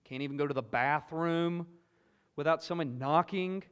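A man with a Southern US accent preaching a sermon, earnest and emphatic, moving between loud exclamations and hushed asides. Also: a little high, normal speed, clean tone. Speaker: pastor. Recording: long hall reverb.

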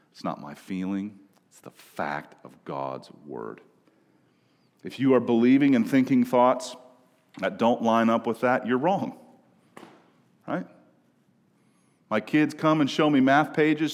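A man in his thirties preaching a sermon as a pastor, emphatic, dropping low and then rising loud. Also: measured pace, pauses often. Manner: emphatic preaching, swings between hushed and raised. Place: church sanctuary. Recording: church hall reverb.

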